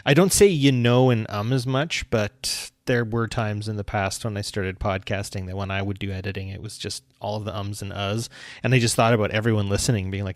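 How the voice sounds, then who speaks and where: A man's voice: lowish voice, fairly even intonation, fairly quick, no echo, clean studio sound. A man from Edmonton with an Edmonton accent, co-hosting a podcast in casual, self-deprecating chat. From Edmonton, Canada. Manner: self-deprecating, jokey, puts on quoted voices. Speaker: podcast co-host.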